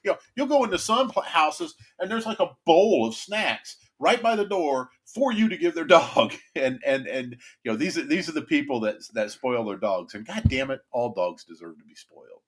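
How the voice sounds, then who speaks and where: A man's voice: medium pitch, expressive, moderate pace, few pauses. Man, podcast co-host, meandering anecdote style, filler-heavy, easygoing. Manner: rambling, lots of fillers and laughs. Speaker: podcast co-host, pest control tech. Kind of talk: casual podcast storytelling.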